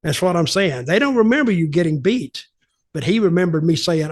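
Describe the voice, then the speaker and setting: A man's voice: fairly high pitch, brisk, no room sound. An older man, telling wrestling stories on a podcast and acting out other people's lines. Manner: animated, acts out quotes of others. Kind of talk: casual storytelling.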